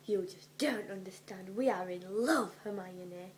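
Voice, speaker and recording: Woman doing a sulky teen wizard boy, mutters flat, kinda defiant, plain read-aloud voice. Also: mid-range voice, measured pace, a little hiss or hum, natural voice.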